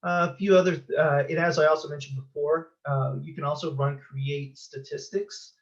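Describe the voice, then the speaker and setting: A man's voice: on the high side, fairly even intonation, moderate pace. Give me a man presenting a technical talk, hesitant and full of fillers, over dull lo-fi meeting audio. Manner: hesitant, many filler sounds.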